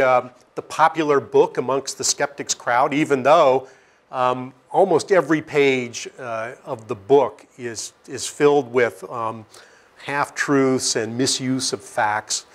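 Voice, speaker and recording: A man's voice: medium pitch, fairly even intonation, slow pace, a bit bright. A middle-aged man from Seattle, a scientist giving an informal lecture to a live audience, telling anecdotes with self-deprecating jokes and frequent "okay?" checks. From Seattle, United States.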